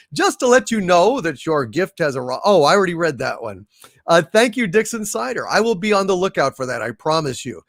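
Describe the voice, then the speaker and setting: A man hosting a live stream, reading super chats aloud in a casual, halting way with many fillers. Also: a little high, a bit bright, dry recording, clean studio sound. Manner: sings slowly.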